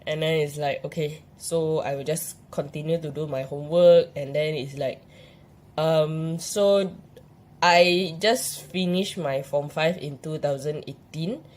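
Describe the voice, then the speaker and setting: A woman's voice: deep voice, fairly even intonation, a little slow, a little mellow. A young woman with a Malaysian English accent, talking in a casual, rambling and earnest way as she shares her own story in a vlog. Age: young adult. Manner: rambling and earnest, full of "like" and restarts. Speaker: vlogger sharing her epilepsy experience.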